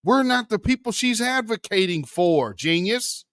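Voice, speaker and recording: Animated, high-voiced man ranting to viewers. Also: unhurried, dry recording. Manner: impassioned, preachy, addresses viewers as family and brother. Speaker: commentary channel host. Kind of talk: political commentary vlog.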